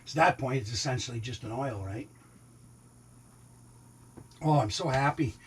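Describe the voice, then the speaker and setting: A man's voice: medium pitch, normal speed, a little hiss or hum. A man in his sixties chatting casually in a rambling way while cooking in his RV kitchen, talking to his cats now and then. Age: 60s. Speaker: RV vlogger. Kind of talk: casual cooking vlog chat.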